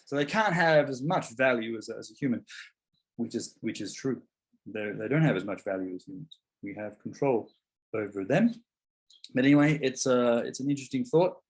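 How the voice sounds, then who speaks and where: Husky-voiced man preaching a sermon. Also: mid-range voice, moderate pace. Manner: conversational, animated, acts out voices of biblical figures. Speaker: pastor. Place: church.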